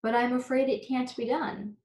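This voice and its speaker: A woman's voice: high voice, steady tone, normal speed, darkish tone, pitched above the performer's own voice, natural voice. A woman doing a grand, gloomy king. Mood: glum. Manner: commanding, then mournful. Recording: echoey room.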